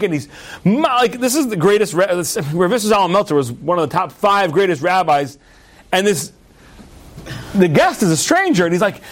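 A man's voice: sits high, fairly quick. A man telling stories to an audience, acting out the characters' lines. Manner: animated storyteller, acts out characters' lines. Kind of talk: storytelling talk to an audience.

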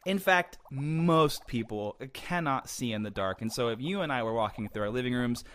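A man's voice: mid-range voice, expressive, normal speed, fairly bright tone. Playful young man explaining science. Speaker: co-host. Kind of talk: casual science chat for kids.

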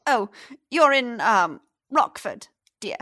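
A woman's voice: fairly high pitch, big pitch swings, slow, sharp tone, voice pushed up, exaggerated voice. A woman voicing a chatty, motherly old woman, a fisherman's wife who fusses over a guest. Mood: fussing.

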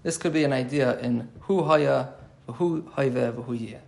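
A man's voice: mid-range voice, a little slow, creaky. A man giving an explanatory Torah class, thinking aloud and repeating key phrases as he explains. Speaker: Torah teacher.

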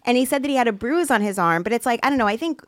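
A woman's voice: a little high, lively intonation, rapid-fire, dry recording. A woman hosting a podcast in casual chat, easygoing and giggly. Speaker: podcast host.

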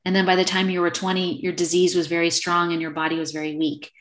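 Animated woman in her fifties, lowish voice. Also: fast. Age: 50s. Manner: animated, acts out quoted dialogue. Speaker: podcast guest. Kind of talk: casual conversational storytelling.

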